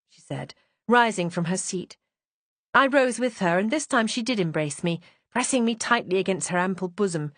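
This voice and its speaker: Woman narrator, audiobook reading, lively pitch, dry close sound, poised. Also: moderate pace, dry recording. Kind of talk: scripted first-person narration.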